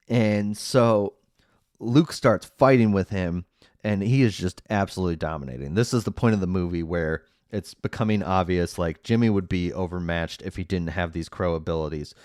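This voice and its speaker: A low-voiced man talks through a plot recap in a loose, rambling podcast style, with fillers piling up between his points. His dry, close sound carries a wry, sarcastic edge as he picks the story apart. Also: darkish tone, no echo. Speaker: podcast host recapping a movie. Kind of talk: casual spoken recap.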